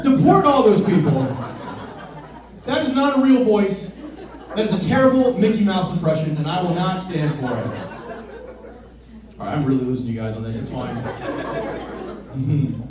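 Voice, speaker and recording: A man's voice: fairly high pitch, a little mellow, far from the mic, slight background noise. A young man doing stand-up in a comedy club, joking with the crowd and laughing at his own lines. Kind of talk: stand-up set. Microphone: handheld stage mic. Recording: roomy club sound, audience laughter.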